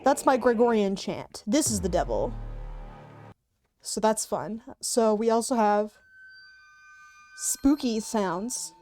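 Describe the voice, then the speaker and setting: A woman's voice: medium pitch, lively intonation, slow pace, pauses often, warm tone, soft background music. A woman streamer rambling casually and giggling while showing off sound effects and voice changer settings. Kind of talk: casual livestream chat. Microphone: headphones beneath a hat.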